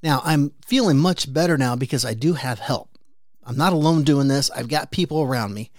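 A man hosting his own podcast, telling a personal story in an animated way and then drawing an earnest, reflective lesson from it. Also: mid-range voice, normal speed, dry recording, clean studio sound. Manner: animated storyteller who briefly acts out the neighbors' voices. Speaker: podcast host. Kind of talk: motivational storytelling monologue.

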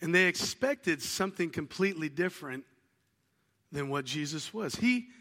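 A man preaching a sermon as a pastor, telling lively stories and acting out little household conversations. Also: a little high, moderate pace, big-room sound. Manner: animated storytelling, acts out household dialogues.

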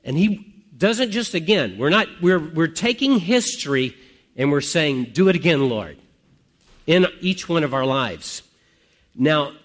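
A male pastor giving a sermon in an earnest, lively manner. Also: a little high.

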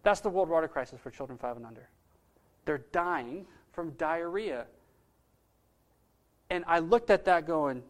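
A man, a pastor, telling a story in a sermon with lively, casual delivery that swings between loud bursts and hushed moments. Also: fairly high pitch, unhurried, long pauses.

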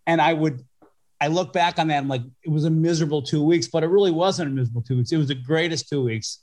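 A man's voice: a little high, fast, darkish tone. A middle-aged man from Western New York, a podcast guest recalling his career in a rambling, conversational way full of restarts and fillers. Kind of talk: conversational storytelling.

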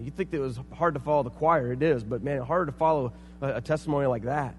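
Man, middle-aged, pastor, sermon, storytelling, loud emphatic preaching, long church reverb. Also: medium pitch, quick pace, few pauses. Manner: storytelling, acting out quoted voices, rising to loud emphatic preaching. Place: church sanctuary. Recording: long hall reverb, faint hum.

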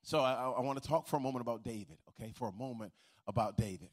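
A man's voice: medium pitch, very fast. Storytelling pastor man preaching. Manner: storytelling with humor and repeated restarts, rising to a preaching cadence. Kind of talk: sermon.

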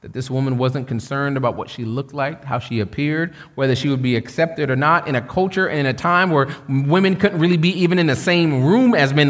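A man's voice: on the high side, fairly bright tone, in a large hall. A man preaching a sermon in a conversational, storytelling way with touches of humor. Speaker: pastor.

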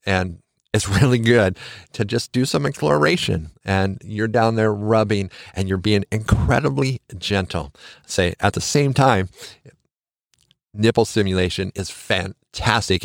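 A man's voice: lowish voice, creaky, no echo, studio quality. A man hosting a podcast, giving candid, joking, conversational advice. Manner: candid, joking, conversational with frequent "you know". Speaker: podcast host. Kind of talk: frank casual advice monologue.

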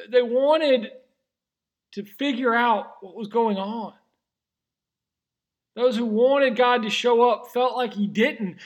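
A man preaching a sermon, earnest and searching, often restarting his words, swinging between loud emphatic cries and soft, slow passages. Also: very high-pitched. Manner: frequent restarts and repeated words. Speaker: pastor.

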